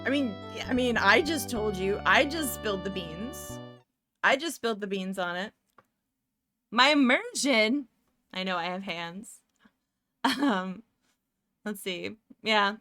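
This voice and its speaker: A woman's voice: mid-range voice, a little slow, pushed and bright. A woman from Toronto, hosting a casual livestream and rambling with jokes and frequent laughs as she works on pixel art. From Toronto, Canada. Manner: rambling, jokey, laughs often. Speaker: livestream host. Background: faint music.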